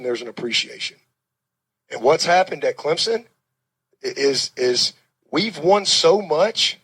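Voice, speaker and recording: A football coach answering a press conference question in a heated, defensive way, repeating himself. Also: male voice, on the high side, fairly bright tone, breathy edge, rough recording.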